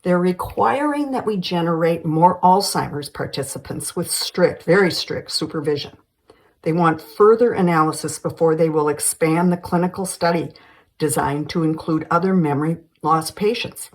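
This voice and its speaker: A woman's voice: low voice, normal speed, poor audio. A woman reading an eager, persuasive male doctor in his fifties.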